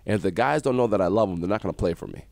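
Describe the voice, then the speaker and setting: A man, a former basketball coach, guest on a radio interview, telling animated stories and acting out what people said to him. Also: fairly low pitch, rapid-fire, vocal fry, no room sound, studio quality. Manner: animated storyteller acting out quotes. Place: radio studio.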